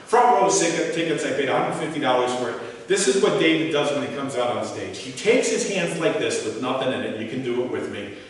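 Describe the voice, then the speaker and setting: Older guy in his 60s doing a lively motivational talk to a crowd, far from the mic, super echoey hall. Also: medium pitch, a little fast. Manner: animated storyteller, asks audience questions. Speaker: motivational speaker. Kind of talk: live talk with audience.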